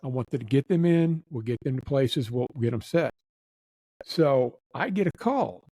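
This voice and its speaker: A man's voice: mid-range voice, lively intonation, normal speed, warm tone, no room sound, rough recording. A man telling a long story in casual chat, acting out the people he quotes. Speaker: nightclub manager telling stories.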